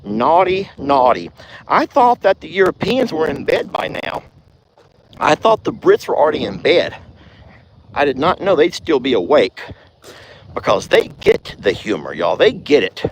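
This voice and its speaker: A man's voice: a little high, big pitch swings, a little slow, background noise. A man chatting folksily as host of a farm livestream, outdoors. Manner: folksy, chatty, calls loudly to his deaf dog. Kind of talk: casual livestream chat.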